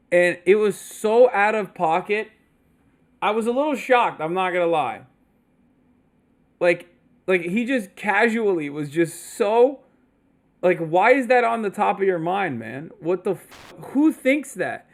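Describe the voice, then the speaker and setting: A man's voice: high voice, a little slow, long pauses. A man in his thirties, a streamer telling a story casually, swearing often and acting out the other people's lines in quoted voices. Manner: animated, profane, quotes others in put-on voices.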